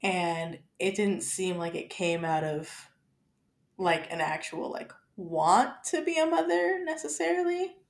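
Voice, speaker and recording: A young woman co-hosting a podcast in casual chat, animated and swearing freely as she acts out quotes. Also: lowish voice, a little slow, creaky, roomy sound. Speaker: podcast co-host.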